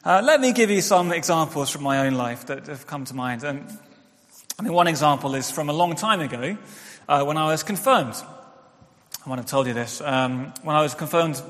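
Young male pastor, sermon, frank chatty delivery, lively pitch, slightly high voice, long church reverb. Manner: candid, conversational preaching with self-deprecating asides.

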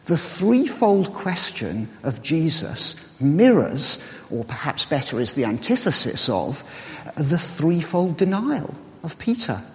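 A man preaching a sermon, explaining in a measured way and reasoning aloud. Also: on the high side, very animated. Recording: reverberant hall.

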